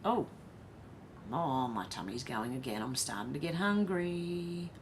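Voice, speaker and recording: A woman's voice: low-pitched, lively intonation, a little slow, a little hiss or hum. An Australian woman hosting a casual live stream. She reads viewer comments aloud and chats back to them.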